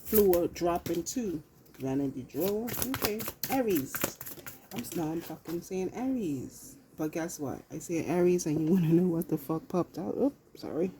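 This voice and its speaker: A woman's voice: lowish voice, lively intonation, moderate pace, background noise. A woman giving a casual, profane tarot reading, talking loosely to herself as she pulls cards. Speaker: tarot reader.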